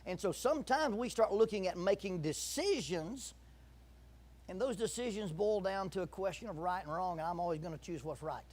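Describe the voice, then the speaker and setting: Emphatic middle-aged male preacher with a high, light voice; sermon in a church, repeats his key lines for effect. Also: expressive, moderate pace, a little mellow. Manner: emphatic, repeats key phrases, leads congregation in call-and-response.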